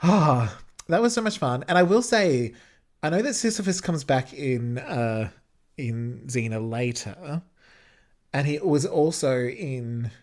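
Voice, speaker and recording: A man's voice: medium pitch, expressive, slow pace, darkish tone. A man hosting a podcast, giving casual, chatty commentary on a TV episode and laughing often. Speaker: podcast host.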